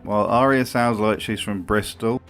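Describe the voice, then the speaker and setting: A man narrates a comedic video essay in a wry, mocking tone full of dry asides. His voice sits on the low side, recorded close as a voice-over. Faint music plays underneath. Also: steady tone, normal speed, a bit bright. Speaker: video commentator.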